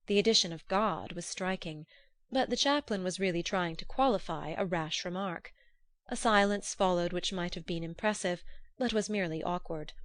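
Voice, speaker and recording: A woman's voice: mid-range voice, dry recording. Woman narrating a classic novel. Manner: steady, measured reading. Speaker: audiobook narrator. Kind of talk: scripted audiobook narration.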